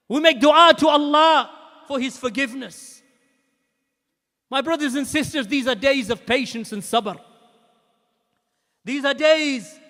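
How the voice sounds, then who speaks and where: A male preacher delivers an emphatic sermon in a very high, bright, forceful voice. He hammers his points through repetition and sometimes breaks into shouts. A long reverb trails his words as if in a large hall.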